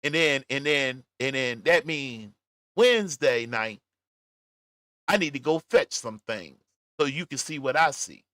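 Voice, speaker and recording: Animated man reading chat on a stream. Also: medium pitch, dry recording. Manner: animated, laughing, drawn-out emphasis. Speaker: livestream commentary host. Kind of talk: casual commentary reading live chat. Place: at home, smoking a cigar.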